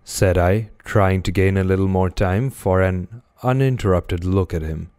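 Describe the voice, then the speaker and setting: A man reads a classic novel aloud, measured and expressive. His deep, smooth voice sits close to a dry microphone. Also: no room sound. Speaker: audiobook reader.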